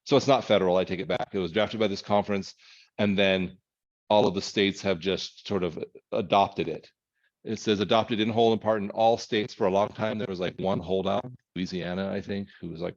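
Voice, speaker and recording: A man's voice: sits low, steady tone, brisk, highs cut off. A man teaching a recorded college lecture in a conversational way, thinking aloud with fillers and correcting himself as he goes. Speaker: instructor.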